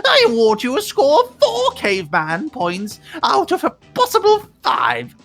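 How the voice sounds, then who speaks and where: A woman playing a shrill gushing fantasy queen. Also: wildly swooping pitch, a little slow, creaky, exaggerated voice. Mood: gushing, regal.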